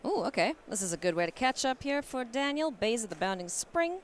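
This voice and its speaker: A woman doing live card game commentary at a tournament, playful and quick to laugh. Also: slight background noise. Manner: playful, laughs often, animated swings in pitch. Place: convention hall.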